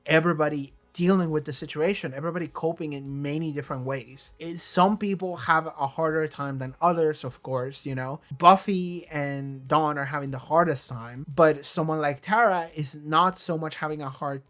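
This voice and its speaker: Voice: medium pitch, moderate pace, few pauses, fairly bright tone. A video reviewer in a casual monologue, talking with emotional enthusiasm, swearing and often restarting sentences. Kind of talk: casual monologue about a TV show.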